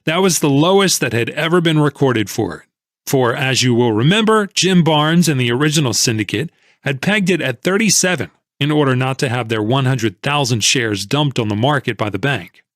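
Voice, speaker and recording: A man's voice: mid-range voice, expressive, moderate pace, a bit bright, no room sound, clean studio sound. A man narrating an audiobook in the first person, telling the story expressively.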